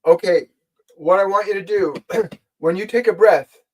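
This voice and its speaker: Through a rough recording comes a man with a high voice speaking at a moderate pace. He hosts a live spiritual stream, earnestly and gently guiding viewers, talking to them directly, fielding their questions, and repeating key phrases for emphasis.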